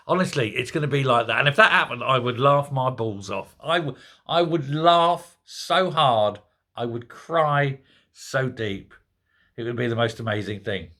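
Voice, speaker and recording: Sarcastic, bright-voiced male ranter. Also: medium pitch, animated, normal speed. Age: middle-aged. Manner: sarcastic, mocking, ranting. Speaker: political commentary host. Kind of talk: solo political rant to camera.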